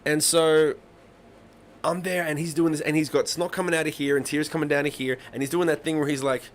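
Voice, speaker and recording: A man's voice: a little high, level tone, a little fast, slight background noise. A man in his thirties hosting a live songwriting stream, chatting casually and swearing freely as he tells rambling stories. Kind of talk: casual chat to a live audience.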